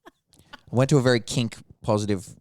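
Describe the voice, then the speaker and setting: A man co-hosting a podcast, telling crude, animated stories and acting out the people in them. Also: medium pitch, moderate pace, no room sound, studio quality. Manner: animated, crude jokes, acts out voices. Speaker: podcast co-host. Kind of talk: casual chat, comic storytelling.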